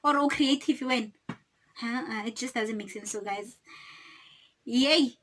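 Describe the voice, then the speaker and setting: A South African woman in her twenties telling a storytime vlog, animated and indignant, often talking straight to her viewers. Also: on the high side, unhurried, low-quality recording. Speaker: YouTuber.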